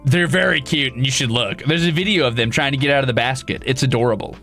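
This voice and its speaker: A man streaming and chatting casually, excitable and profane, with sudden loud outbursts. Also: mid-range voice, quick pace, gravelly, soft background music. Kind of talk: casual live-stream chat.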